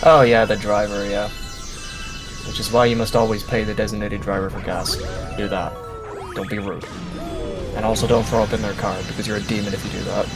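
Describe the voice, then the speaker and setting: A man's voice: on the low side, flat delivery, a little fast, long pauses, over music. A young Irish man chatting casually on a game stream, crude and joking. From Ireland. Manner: crude, joking, often laughing. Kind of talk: casual chat while gaming.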